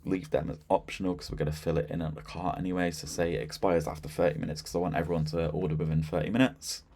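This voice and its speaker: A man giving a casual, chatty walkthrough of a software system, with lots of fillers and a relaxed, informal delivery. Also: low voice, fast talker, vocal fry, husky. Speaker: software demonstrator. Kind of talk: casual screen-share product walkthrough.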